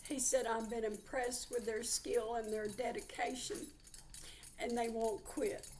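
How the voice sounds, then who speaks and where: A woman's voice: fairly high pitch, level tone, unhurried, darkish tone, slight background noise. A woman, giving a heartfelt channeled psychic reading. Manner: heartfelt, earnest, relays messages.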